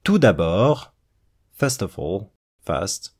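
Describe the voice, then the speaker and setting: A man's voice: low-pitched, big pitch swings, takes it slowly, a little mellow, breathy edge. A man teaching a podcast lesson, reading sentences and then translating and explaining them in English. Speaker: French teacher. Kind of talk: slow explanatory language lesson.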